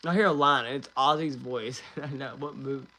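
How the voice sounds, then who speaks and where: A man's voice: medium pitch, steady tone, a little fast, bright, forceful tone. A man hosting a livestream, chatting casually, swearing and laughing between rambling remarks. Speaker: livestream host.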